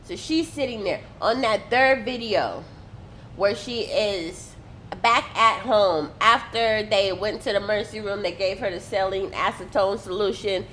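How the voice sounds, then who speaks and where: A woman hosting a casual marketing talk, animated and acting out quotes as she explains. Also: mid-range voice, unhurried, slight background noise. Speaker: host.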